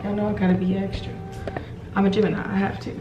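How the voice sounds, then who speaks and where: A woman's voice: medium pitch, completely flat delivery, fast, echoey room, lo-fi sound, background noise. A young woman chatting casually through a hair tutorial vlog, playful and rambling with lots of asides. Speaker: beauty vlogger. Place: echoey room at home.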